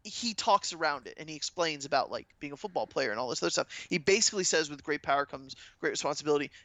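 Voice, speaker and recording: Excitable guy on a podcast, bright high voice, dry close sound. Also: fast talker, dry recording. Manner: excited, rambling fan talk. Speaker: podcast co-host. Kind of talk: casual chat.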